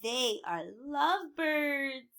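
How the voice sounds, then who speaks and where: Piggie, a woman reading as a calm pig friend. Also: high voice, slow. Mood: matter-of-fact. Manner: calm, matter-of-fact.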